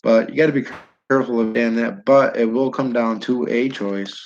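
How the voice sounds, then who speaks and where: A man's voice: mid-range voice, fairly even intonation, normal speed. A man hosting a casual live-stream chat, rambling and joking as he puts questions to his listeners. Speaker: host. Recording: dull lo-fi stream audio.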